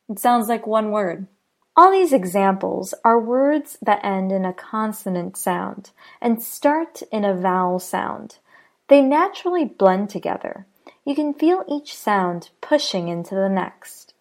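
A woman teaching pronunciation, speaking deliberately and repeating each example for practice. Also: mid-range voice, lively intonation. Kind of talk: scripted pronunciation lesson.

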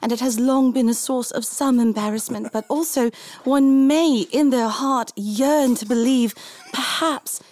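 A woman's voice: high-pitched, a little mellow, voice pushed up. A woman voicing a coquettish young noblewoman. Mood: coy. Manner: slow, coquettish, halting.

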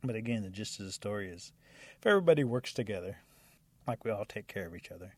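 A man telling a folktale aloud in a lively way, acting out characters with sound effects. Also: lowish voice, quick pace, slightly rough, no echo. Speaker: storyteller.

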